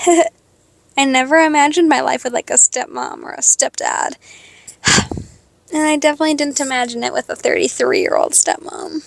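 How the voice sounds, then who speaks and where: An eighteen-year-old woman venting to her followers in a profane, sarcastic rant, jumping between loud outbursts and quiet mutters. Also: sits high, sing-song, a little slow, gravelly, pauses often, dry recording. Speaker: vlogger. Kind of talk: venting to camera.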